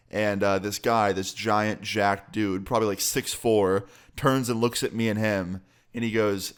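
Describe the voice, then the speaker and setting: A man's voice: on the low side, moderate pace, clear, resonant tone. A man telling a story casually as a vlogger, swearing freely in a laid-back way.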